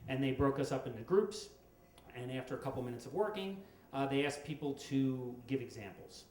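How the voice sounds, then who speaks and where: A middle-aged man telling a comic story on stage at a storytelling event, wry and with dramatic pauses. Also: medium pitch, animated, a little mellow. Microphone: stage microphone. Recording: echoey live room with faint noise.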